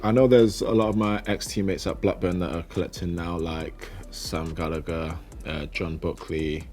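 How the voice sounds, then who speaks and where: At a moderate pace, with soft music in the background, a young man with a low, flat voice chats in a relaxed interview. He's a pro footballer and card collector who laughs readily and repeats words while gathering his thoughts.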